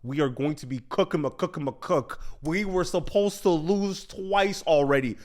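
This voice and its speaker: A man with a high voice hosting a casual podcast. He talks in a slangy, animated way as he breaks down a show. His tone is lively and conversational. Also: normal speed. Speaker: podcast host. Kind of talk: casual chat.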